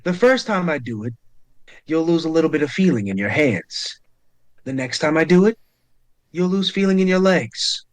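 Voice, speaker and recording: A man voicing a cold male interrogator who threatens his captive slowly and calmly. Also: a little high, pitched above the performer's own voice. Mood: menacing. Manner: slow, calm, threatening.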